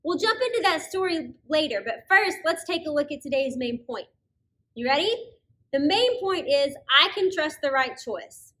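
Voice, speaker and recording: A woman with a high, bright voice leads a kids' church lesson. She talks in an upbeat, encouraging teacher manner and keeps a clear, steady pace. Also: normal speed. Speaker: children's ministry host.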